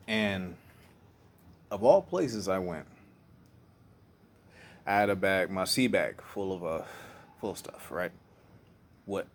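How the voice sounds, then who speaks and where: A young man with a very low, deep voice tells his own hard story, raw and candid, cursing freely and breaking off to restart his sentences. A faint hiss of background noise sits under the recording. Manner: emotional, candid, profane, trails off and restarts. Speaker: speaker sharing life story. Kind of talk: personal storytelling monologue.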